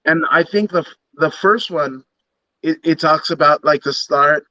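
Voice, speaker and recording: Male podcast co-host, high voice, unhurried, dull lo-fi audio. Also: no room sound. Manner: animated storyteller, acts out bits. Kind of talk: casual chat. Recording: dull lo-fi sound.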